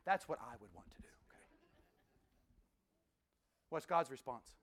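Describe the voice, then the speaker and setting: A man preaching a sermon in a folksy, conversational way, swinging from loud emphatic bursts to hushed near-whispers. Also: medium pitch, expressive, measured pace, pauses often. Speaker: pastor.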